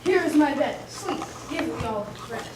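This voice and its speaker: An ardent young lover pours out verse in an earnest, declaiming manner, played by a woman. The voice is rather high and heard from afar, with echo and noticeable noise around it. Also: expressive, normal speed. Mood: tender. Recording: echoey and noisy, from far off.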